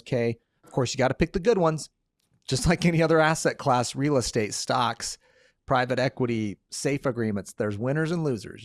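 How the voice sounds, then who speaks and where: Man, podcast host, joking explainer, dry studio sound, middle pitch. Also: no echo. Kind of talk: casual podcast Q&A.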